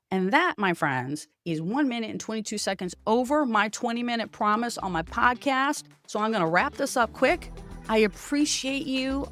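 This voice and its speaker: A woman hosting a solo podcast, telling stories and acting out both sides of the conversations. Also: on the high side. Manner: animated storytelling, acts out both sides of conversations. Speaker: podcast host.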